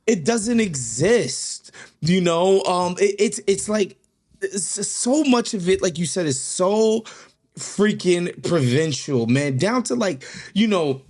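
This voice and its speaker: A man appearing as a podcast guest, talking in an animated, slangy way with a lot of "like" and "bro". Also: sits high, takes it slowly. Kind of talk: casual podcast conversation.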